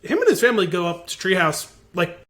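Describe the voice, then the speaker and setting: A man co-hosting a podcast, telling a rambling, animated story with laughter over a remote call. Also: high-pitched, fast talker. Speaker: podcast co-host. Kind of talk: casual chat. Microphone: video call.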